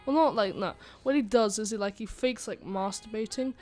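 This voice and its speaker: A woman chats through a casual storytime anecdote at a mid-range pitch for a woman, rambling with fillers and restarts and dropping in giggly asides. Faint music plays quietly behind her as she talks into a desk microphone. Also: fairly quick. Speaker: channel host telling a story.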